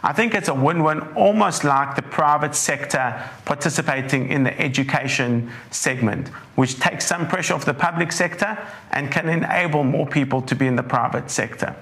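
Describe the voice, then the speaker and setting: A man, a portfolio manager with a croaky, hoarse throat, giving a measured webinar presentation that walks through charts. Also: a little high, fairly bright tone. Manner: measured, leans on "importantly", walks through slides.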